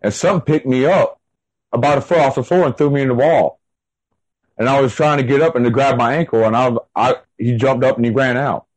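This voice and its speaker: A man's voice: mid-range voice, a little fast, no echo, low-quality recording. A man being interviewed, telling a long story in a casual, rambling way full of fillers and restarts. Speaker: interview guest.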